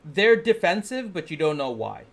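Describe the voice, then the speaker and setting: A man's voice: on the high side, normal speed, gravelly, a little hiss or hum. Laid-back man running a tabletop game. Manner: relaxed, chatty, hedging with "kind of". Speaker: game master.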